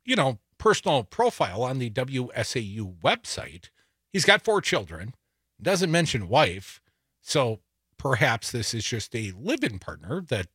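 A man co-hosts a talk radio show with sarcasm and rambling emphasis. His voice is bright and husky and swings up and down in pitch. It sits close and dry on a studio mic with faint music underneath. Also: no room sound. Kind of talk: opinionated talk radio banter. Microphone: studio microphone.

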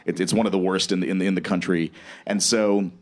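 A man with a low, easy voice talks through politics on the radio. He rambles, restarts his sentences and laughs along as he goes. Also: fairly even intonation, quick pace. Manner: rambling, self-correcting, laughs often. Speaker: political science teacher, guest. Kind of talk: casual radio talk.

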